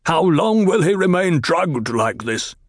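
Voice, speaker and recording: A man doing a snappish, husky villainous baron. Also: fairly high pitch, sing-song, unhurried, no echo, clean studio sound, pitched above the performer's own voice. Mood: scolding. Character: cruel, domineering, gluttonous male baron.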